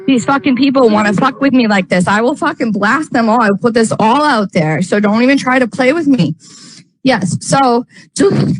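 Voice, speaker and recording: A woman's voice: on the high side, moderate pace, rough recording. A woman telling a story in casual livestream talk, rambling with many fillers, swearing, and getting heated.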